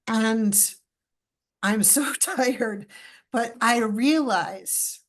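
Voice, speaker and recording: A middle-aged woman, a podcast guest, telling a personal story with lively acted-out dialogue. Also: a little high, extremely slow. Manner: animated storyteller, acts out dialogue.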